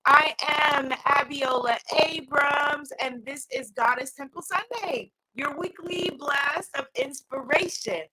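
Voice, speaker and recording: A woman with a New York accent hosts an upbeat livestream in a high, bright voice. She sounds energetic and lilting, with a faint hiss behind her. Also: slow, hardly any pauses, rough recording. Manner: energetic, sing-song greetings, laughs often. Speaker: host of a weekly inspirational livestream.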